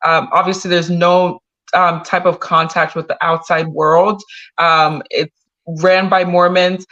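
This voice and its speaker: A woman hosting a podcast, explaining background to listeners in a measured way with frequent filler pauses. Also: fairly low pitch, flat delivery, a bit bright. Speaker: podcast host. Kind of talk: conversational explanation. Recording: dull lo-fi sound.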